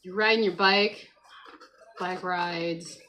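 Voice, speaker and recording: A woman's voice: lowish voice, steady tone, slow, sharp tone, a little hiss or hum, low-quality recording. A woman hosting a casual morning livestream at home, chatting to viewers, reading the chat aloud and talking to her child beside her. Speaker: livestream host. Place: at home by a computer.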